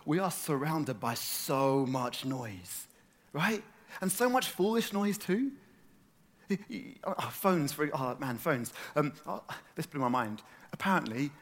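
Animated man preaching conversationally. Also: medium pitch. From north London, England. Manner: conversational, animated, asks the room questions. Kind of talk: sermon.

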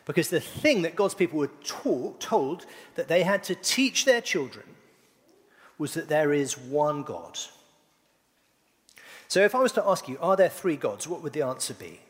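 A middle-aged pastor preaches in a church hall, playfully quizzing his congregation in a call-and-response sermon. His voice is a little high, sing-song, and unhurried, with the hall's long reverb behind it.

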